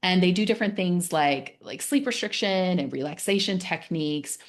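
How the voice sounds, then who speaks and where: Calm female wellness presenter, lowish voice, conversational, playful asides. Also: moderate pace. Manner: soothing, conversational, with lively acted asides. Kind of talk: gentle wellness class talk.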